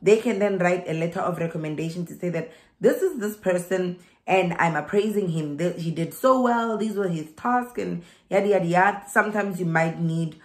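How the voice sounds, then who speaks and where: A woman's voice: on the low side, normal speed, roomy sound. A young South African woman with a South African accent giving migration advice in a chatty vlog, laughing and repeating herself for emphasis.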